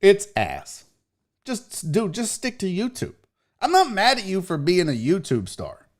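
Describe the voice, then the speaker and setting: This show host, a man in his 40s, has a high-pitched voice with huge swings in pitch and an unhurried pace. On his livestream he rants heatedly and profanely, imitating others in mocking put-on voices.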